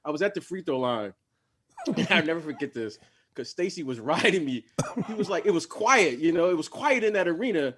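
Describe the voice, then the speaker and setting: A man's voice: fairly high pitch, lively intonation, brisk, noisy background. A man talking as a guest on a podcast in casual chat, telling stories and laughing often. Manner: laughing storyteller.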